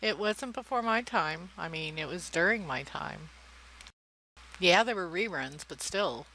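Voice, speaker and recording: A woman's voice: lowish voice, expressive, unhurried, sharp tone, low-quality recording. A woman chatting casually as a player in a tabletop game, in a wry, chatty way. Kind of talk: casual chat around a game.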